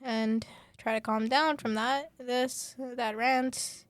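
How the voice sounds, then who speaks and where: A woman hosting a student radio podcast, talking with passion and many fillers, then reading her script in a calmer presenter voice. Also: a little high, slow pace, no room sound. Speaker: podcast host.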